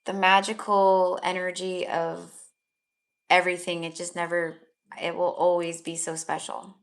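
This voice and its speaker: Gravelly-voiced woman doing live tarot readings. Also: lowish voice, little pitch movement, unhurried, slight background noise. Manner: soothing, affectionate and chatty, with many fillers. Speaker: tarot reader. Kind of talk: live psychic reading stream.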